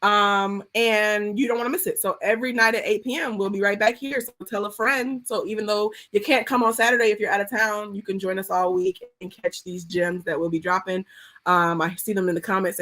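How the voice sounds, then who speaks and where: A woman pastor talking on a livestream through a video call. She speaks in casual slang with a lot of energy. When she prays, her voice swings between loud, high bursts and quiet, low stretches. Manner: animated, slangy, preacherly. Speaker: art therapy pastor hosting a livestream. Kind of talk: casual livestream chat and prayer.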